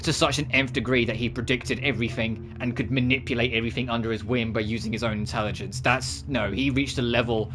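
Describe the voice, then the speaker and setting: A man's voice: mid-range voice, steady tone, fast talker, few pauses, over music. A man streaming games, chatting casually at the end of a session and wandering off on tangents. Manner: rambling, full of self-corrections and asides.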